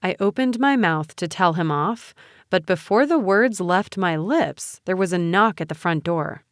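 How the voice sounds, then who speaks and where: A woman narrating a first-person story for an audiobook in a wry, expressive way on a close studio mic. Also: on the low side, measured pace, no echo.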